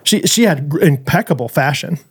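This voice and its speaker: A man's voice: a little high, animated, a little fast, slightly rough. A man co-hosting a podcast, chatting playfully and joking around. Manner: playful, jokey, drops into silly voices. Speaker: podcast co-host. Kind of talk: casual podcast chat.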